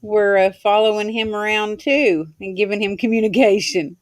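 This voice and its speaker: A livestream host speaks at an ordinary middle pitch in a relaxed, chatty way over a video call. The talk is full of easy laughter and asides to the viewers. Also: moderate pace. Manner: friendly, laughs often, reads out viewer comments. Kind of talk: casual livestream chat.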